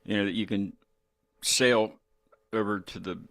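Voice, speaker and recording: A man hosting a casual interview, rambling and halting, with many restarts. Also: on the low side, fairly even intonation, fairly bright tone. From United States. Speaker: podcast host.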